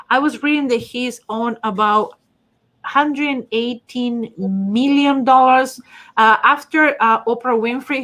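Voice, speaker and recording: A woman's voice: a little high, fairly bright tone. A woman with a strong non-native accent, hosting a casual live stream and chatting through viewer comments. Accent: non-native English. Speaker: host and face-reading teacher.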